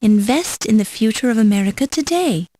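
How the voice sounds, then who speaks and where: A woman's voice: a little high, lively intonation, fairly quick, mellow, dry recording, poor audio. A woman narrating an adventure game with dry, wry scripted remarks.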